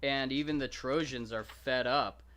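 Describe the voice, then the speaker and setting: A man's voice: medium pitch, measured pace. A young man hosting a show, casually and playfully retelling and commenting on an ancient epic, slipping into slangy voices for the characters. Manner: animated, jokey, paraphrases characters in slangy quoted voices. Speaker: podcast host reading and discussing a classic epic.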